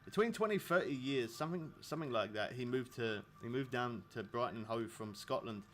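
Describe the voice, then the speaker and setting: While streaming a fishing game, a man in his thirties from England chats casually with his viewers, rambling and laughing often. He's expressive and brisk, with a medium-pitched voice and faint music behind.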